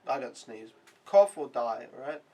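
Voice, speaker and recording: A man's voice: mid-range voice, animated, unhurried, dark tone, breathy edge. A young man, chatting casually and rambling about his week as an au pair. He swears freely, fills his talk with fillers, and has a sore throat. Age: young adult. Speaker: au pair vlogger. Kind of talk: casual chat.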